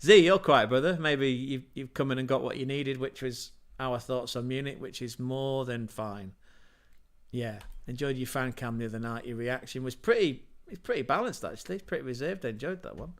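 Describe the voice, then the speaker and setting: Bloke rambling about football on a livestream, mid-pitched, chatty, jokes at himself. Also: male voice, moderate pace. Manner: chatty, rambling, self-mocking asides. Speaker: football podcast host. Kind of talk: casual livestream football talk.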